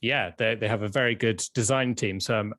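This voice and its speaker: Relaxed man in dry sound. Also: lowish voice, fairly quick, dry recording. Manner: relaxed, laughs often, enthusiastic. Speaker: co-host and channel founder. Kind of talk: casual live-stream chat.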